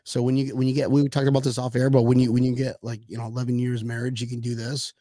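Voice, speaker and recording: A man's voice: medium pitch, little pitch movement, fast talker, dark tone, no echo, clean studio sound. A man hosting a podcast in casual chat, rambling and joking and swearing freely. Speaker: podcast host.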